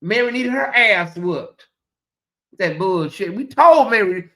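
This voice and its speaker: A man hosting a casual livestream, sassy and animated, often mimicking voices. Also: high voice, a little slow. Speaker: host.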